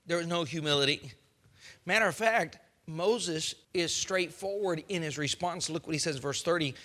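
Emphatic preacher with a bright, high voice. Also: male voice, expressive, a little fast. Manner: emphatic, fires off rhetorical questions. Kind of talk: sermon.

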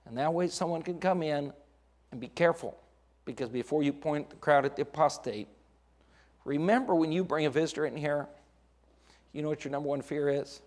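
Impassioned male preacher, fairly high voice. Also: brisk, long pauses, a little mellow. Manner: preaching with dramatic rises, acting out quoted voices. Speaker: pastor. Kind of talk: sermon.

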